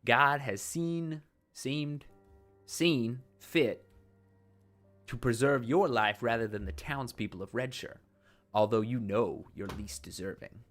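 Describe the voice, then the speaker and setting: A man with a mid-range, fairly bright voice reads a text adventure game aloud slowly, putting on an accent for the narration. His dramatic delivery is broken up by casual asides to his viewers, with faint music in the background.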